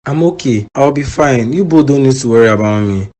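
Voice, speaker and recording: A man's voice: mid-range voice, expressive, brisk, darkish tone, lightly acted. An actor playing an injured, remorseful middle-aged father pleading from a hospital bed. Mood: tender. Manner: weak, pleading.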